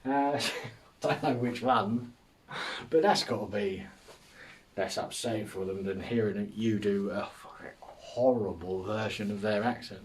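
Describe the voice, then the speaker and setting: A man's voice: fairly low pitch, a little slow, far from the mic, a little hiss or hum. Rambling, sweary English man. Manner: rambling, sweary, self-mocking. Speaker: podcast host. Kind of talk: casual comic monologue.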